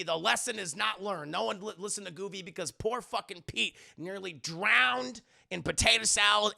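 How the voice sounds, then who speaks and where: A man casually recapping a movie on a live stream, excitable and swearing as he talks to his chat. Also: high voice, vocal fry.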